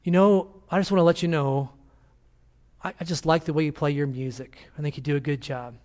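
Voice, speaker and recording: A man's voice: fairly high pitch, fairly even intonation, a little fast, a little mellow, close to an everyday voice. A man voicing an earnest, hesitant mother in a sermon story, stumbling over her words.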